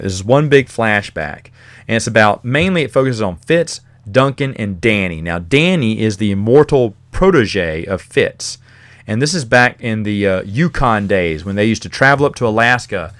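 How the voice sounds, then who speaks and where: A man's voice: on the low side, a bit bright. A man hosting a podcast, casually reviewing a novel in a rambling, chatty way with fillers and the odd chuckle. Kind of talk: casual spoken book review.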